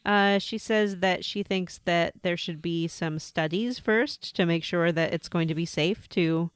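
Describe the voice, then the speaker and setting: Chatty woman with a smooth, low voice. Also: measured pace, no room sound, clean studio sound. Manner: chatty, retells scenes with quoted voices. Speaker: podcast co-host. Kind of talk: casual recap of a game.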